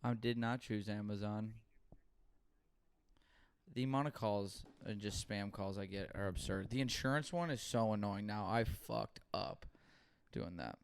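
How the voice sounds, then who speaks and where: A man's voice: on the low side, a little slow, vocal fry, a little hiss or hum. A young man co-hosting a podcast, telling stories in casual chat with lots of swearing and acted-out dialogue. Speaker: podcast co-host.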